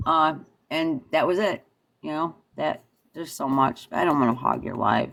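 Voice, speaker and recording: Woman, caller, casual storytelling, animated, very low voice. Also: normal speed, gravelly.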